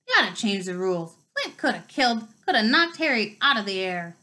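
Read by a woman dipping lower and softer, a woman's take on a big gruff half-giant groundskeeper comes through as a quiet mumble in country dialect. Her voice stays fairly high overall, a storybook reading voice. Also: big pitch swings, a little fast. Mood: worried.

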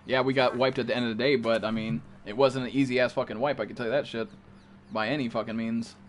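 A young man live-streaming a game, chatting to viewers in a loud, profane way and jumping into high yelps. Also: a little hiss or hum. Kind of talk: live-stream chat while gaming.

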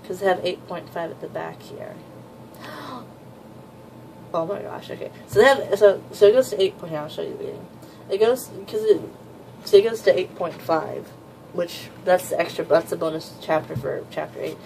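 A woman talks her way through a new manga volume at home, rambling and breaking into excited gushing. Her voice has a gravelly fry and a slightly sore throat. A faint hiss sits behind her. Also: lowish voice, fairly quick, rough recording. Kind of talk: casual unboxing chat.

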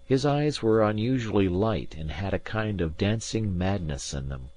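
Male audiobook narrator, deep voice, steady and measured, dry close recording. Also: dry recording. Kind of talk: scripted narration.

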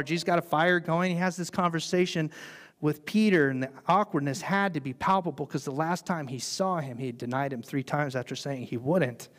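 A man preaching a sermon as pastor, telling the story in an animated way and briefly acting out the voices of the people in it. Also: fairly high pitch, normal speed. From United States.

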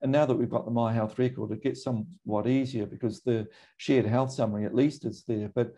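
A middle-aged Australian man, a GP, speaking in a measured, thoughtful way with frequent pauses and ums. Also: medium pitch, steady tone, mellow. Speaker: GP and medical association guest. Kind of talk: recorded conversation.

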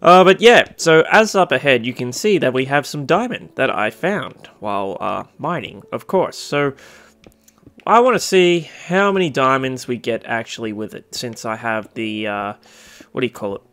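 A young man giving casual, rambling commentary over a game he is playing, full of fillers and excited outbursts. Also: moderate pace. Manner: rambling, excitable, bursts into squeaky cutesy voices. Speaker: Minecraft let's-play host.

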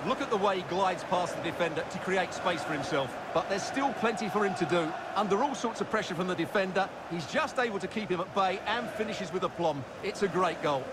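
A man's voice: high voice, expressive, a little fast, very noisy. A man voicing an analytical football co-commentator in a video game, explaining the replays. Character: analytical male football pundit.

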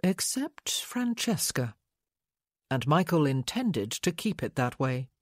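Unhurried romance narrator, dry close sound. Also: medium pitch, very animated, no echo. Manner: slow, measured. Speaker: audiobook narrator. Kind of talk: scripted narration.

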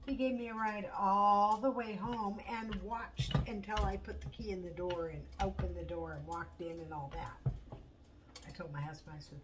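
Her voice sits at medium pitch and moves at a moderate pace as she cooks in her kitchen at home. This woman keeps up casual, self-deprecating chatter with frequent laughter, recorded from a distance with steady noise behind her.

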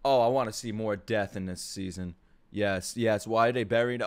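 A young man giving a profane, jokey reaction to an anime opening, swinging between low murmurs and excited shouts. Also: moderate pace. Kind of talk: live reaction commentary.

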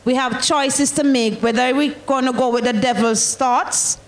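A woman's voice: high-pitched, steady tone, a little slow. A woman giving an earnest, thankful testimony before a church congregation. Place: church service. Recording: echoey church room.

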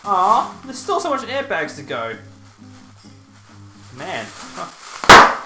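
A man's voice: high voice, wildly swooping pitch, takes it slowly. A young man chatting casually through an unboxing, with playful, self-mocking asides. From Australia. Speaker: YouTuber. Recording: roomy echo, faint music.

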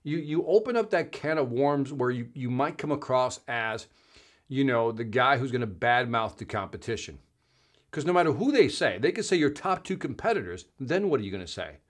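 A middle-aged man hosting a live sales stream, reacting to viewer comments in a loose, animated way. He talks in an easy, chatty manner and keeps calling his listeners man and brother. His voice sits in an ordinary middle register. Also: medium pitch, moderate pace. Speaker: host of a live sales show.

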